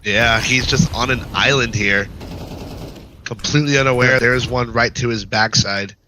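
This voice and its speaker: A hoarse man, sick for a week, giving live play-by-play commentary as an esports caster and chatting wryly to viewers between calls. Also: medium pitch, fairly even intonation, normal speed, sharp tone, slight background noise, low-quality recording. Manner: wry, talks to the audience between calls.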